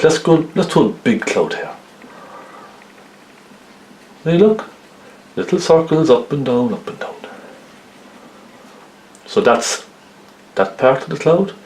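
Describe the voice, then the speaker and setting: A man giving a chatty, step-by-step oil painting lesson, often checking in with tag questions. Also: medium pitch. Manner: chatty, lots of tag questions like okay and isn't it. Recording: roomy echo.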